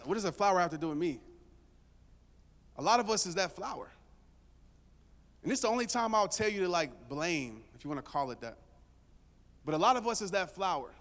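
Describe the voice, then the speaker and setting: A man's voice: sits high, a bit bright. A man giving a motivational speech to a live audience, telling a story casually and joking with the crowd. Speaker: motivational speaker. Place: stage before a live audience. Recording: long hall reverb.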